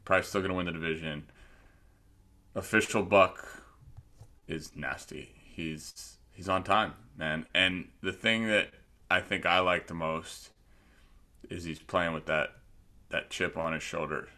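Low voice guy, punchy and bright, goofing around on a baseball podcast. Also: a little slow, pauses often. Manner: loose, joking, animated storytelling. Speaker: podcast co-host. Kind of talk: casual podcast chat.

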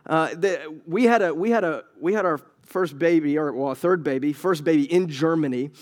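A man with a notably high voice delivers a sermon. He chats through anecdotes in an easy way, then presses scripture with rising force. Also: moderate pace. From United States. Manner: storytelling, building to emphatic preaching. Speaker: pastor.

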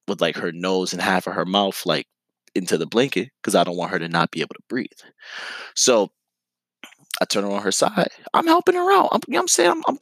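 Young man, casual storyteller, animated and profane; lowish voice with lots of swing, dry recording. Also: no echo. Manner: animated, profane, slangy, lots of filler phrases.

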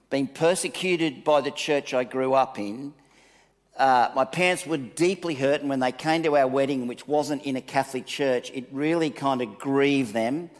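A man giving a conversational sermon, reading scripture and telling stories with lively asides. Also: mid-range voice, measured pace. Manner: conversational, animated storytelling with asides. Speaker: preacher. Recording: long reverb of a hall.

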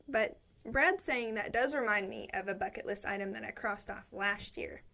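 A young woman chats and rambles in a cheerful, upbeat way. Her voice sits a bit high, and she sounds a little out of breath as she reads comments from a studio cubicle. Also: fairly even intonation, normal speed, creaky, hardly any pauses, sharp tone. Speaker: live stream show host. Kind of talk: casual chat reading viewer comments.

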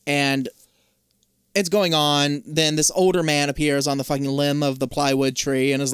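Guy on a podcast retelling an episode, smooth clean voice, dry close mic, swears a lot. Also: on the high side, flat delivery, normal speed, fairly bright tone, no room sound. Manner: rambling storyteller, swears freely, loses names mid-recap. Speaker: podcast co-host recapping an episode. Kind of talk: casual profane podcast chat.

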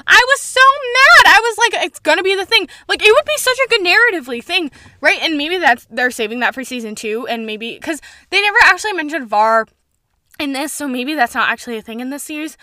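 Casting: young woman, bright high voice, animated fan-ranting podcast host, dry close mic. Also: no room sound. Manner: animated, gushing fan, swears for emphasis. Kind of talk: solo podcast review, excited ranting. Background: faint intro music at the end.

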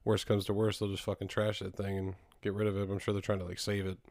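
A man's voice: on the low side, monotone, fast, a little mellow, no echo. A man co-hosting a casual podcast, rambling with frequent laughs and casual swearing. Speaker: podcast co-host.

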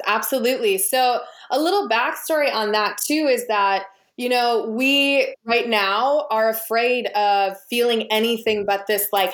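A woman speaking as a podcast guest, earnest and reflective, talking in long flowing runs. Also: on the high side. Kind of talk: conversational interview. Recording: roomy, echoey sound.

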